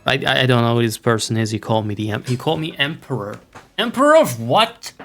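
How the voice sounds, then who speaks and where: A man at medium pitch talks through a game stream, casual and rambling, with a wry, mock-lordly streak and plenty of swearing. Faint game music plays quietly behind him. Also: very fast, vocal fry. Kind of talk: casual gameplay chat with viewers.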